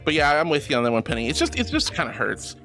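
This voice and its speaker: A woman streaming live, chatting with her viewers in a bubbly, affectionate way. She calls them sweetie and honey, giggles often, and has a voice that is a bit deep for a woman. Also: very animated, quick pace, a bit bright, soft background music. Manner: giggly, playful asides. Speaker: VTuber streamer. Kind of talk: livestream chat with viewers.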